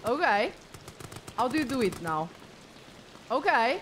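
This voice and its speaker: Lady streamer reacting to a horror game, high voice, jokey and sweary. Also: unhurried, slight background noise. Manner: excitable, jokey, swears a lot. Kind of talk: casual live-stream commentary.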